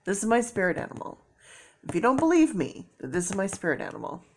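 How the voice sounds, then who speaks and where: A woman's voice: mid-range voice, big pitch swings, fast, background noise. A middle-aged woman reading tarot cards to camera in a casual, emotional way, exclaiming and thinking aloud, tearful. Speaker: tarot reader.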